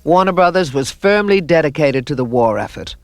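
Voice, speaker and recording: A man giving the scripted narration for a documentary, smooth and measured. His voice sits a little high for a man. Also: animated, dry recording, faint music behind.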